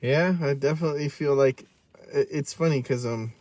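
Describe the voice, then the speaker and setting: A man's voice: medium pitch, moderate pace, a little mellow, dry recording. A man in his twenties co-hosting a podcast, laid-back, acting out quoted lines in casual chat. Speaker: podcast co-host.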